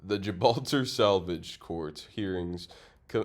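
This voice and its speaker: A man with a very low voice reads a history script at an unhurried pace. He trips over words often and breaks into laughs and the odd curse, keeping it loose and unpolished. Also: lively intonation, darkish tone. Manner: stumbles over words while reading; laughs often, swears casually. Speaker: podcast co-host. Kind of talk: casual chat, reading aloud.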